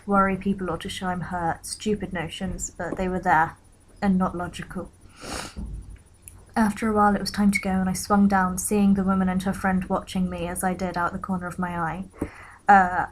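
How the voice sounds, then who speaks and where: A young woman in her late teens recounting a personal story in a quiet, reflective way, sometimes dropping to a whisper. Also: lowish voice, a little hiss or hum, low-quality recording. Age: young adult. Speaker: vlogger.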